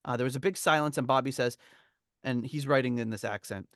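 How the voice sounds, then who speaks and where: A man's voice: mid-range voice, brisk, fairly bright tone, no room sound. Podcast guy rambling thru a band story, laughs a lot, dead dry mic. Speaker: podcast host. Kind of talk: casual chat, reading from a memoir.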